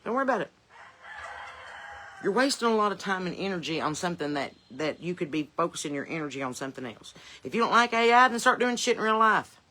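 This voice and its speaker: A woman's voice: lowish voice, sing-song, fast, sharp tone, slight background noise. A woman with a Southern accent, hosting a podcast from her porch in blunt, folksy, profane chat, with chickens clucking nearby. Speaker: podcast host.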